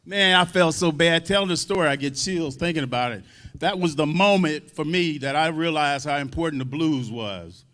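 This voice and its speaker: A man's voice: on the high side, moderate pace, a bit bright. Joking, storytelling man on stage. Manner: loose, humorous, swears casually, acts out quotes. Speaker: drummer and guest speaker. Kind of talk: storytelling speech at a public event.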